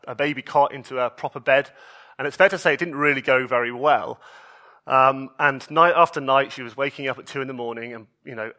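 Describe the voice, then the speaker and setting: A man's voice: medium pitch, sharp tone. A man in his thirties, a pastor delivering an earnest, pleading sermon and often restarting his phrases.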